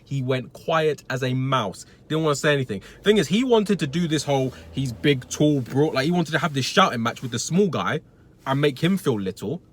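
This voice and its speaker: A young man telling a blunt, swearing rant about a customer at work, acting out the argument in a lively way. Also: medium pitch, moderate pace. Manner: blunt, swearing, animated storytelling. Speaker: retail worker vlogger. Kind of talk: casual ranting story.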